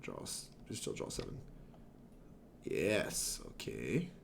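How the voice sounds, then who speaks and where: A man's voice: very deep voice, huge pitch swings, slow pace, gravelly, a little hiss or hum. A young man streaming a card game, chatting and rambling to his chat in a casual, laughing way. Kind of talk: casual gameplay commentary to chat.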